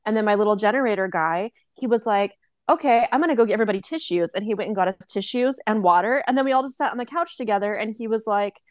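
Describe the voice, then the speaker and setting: A woman co-host of a podcast, telling stories in a lively, casual way and acting out what people said. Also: medium pitch, fast talker, hardly any pauses, clean tone, no echo, studio quality. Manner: animated storyteller, acts out quotes. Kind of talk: casual chat.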